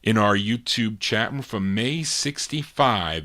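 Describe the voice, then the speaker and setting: A man's voice: fairly low pitch, lively intonation, takes it slowly, pushed and bright. A man hosting a live record show, giving easygoing patter between songs, with song details and listener dedications.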